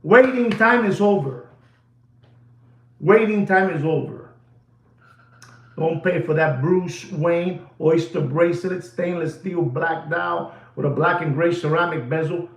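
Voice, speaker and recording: Hosting a watch channel, this man talks at an unhurried pace in a voice on the high side. His rambling, lecturing monologue circles back on itself for emphasis, recorded in a room with noticeable echo.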